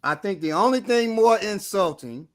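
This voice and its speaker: A middle-aged man co-hosts a casual talk show podcast, telling funny stories in an animated way and laughing a lot. His voice sits high and he talks at a normal speed.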